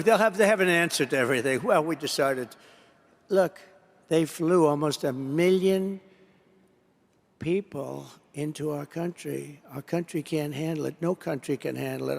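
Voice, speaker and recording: Rambling man with gravelly voice. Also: fairly high pitch. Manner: rambling, repetitive, digressive. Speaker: political speaker addressing an association. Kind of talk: rally-style political speech. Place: large convention hall. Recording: long reverb of a large hall.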